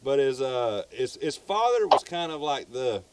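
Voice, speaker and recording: A man's voice: mid-range voice, sing-song, a little slow, heavy background noise. A man with a Southern US accent, co-hosting a podcast and casually telling a true crime story. He rambles, repeats words and swears freely.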